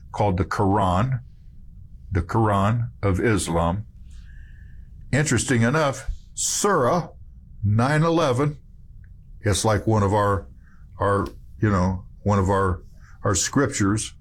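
Husky low-voiced man telling a story. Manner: emphatic, rambling, with restarts and asides. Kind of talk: storytelling commentary.

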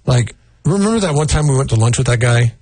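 A man's voice: medium pitch, expressive, fast, darkish tone, husky, no echo. A man co-hosting a morning radio show, rambling and stammering through casual banter. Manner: rambling, stammers, laughs easily.

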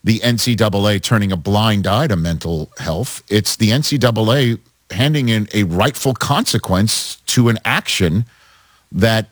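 A man's voice: lowish voice, moderate pace, no echo. A man co-hosting a sports debate, pressing his partner with pointed questions. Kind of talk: casual debate chat.

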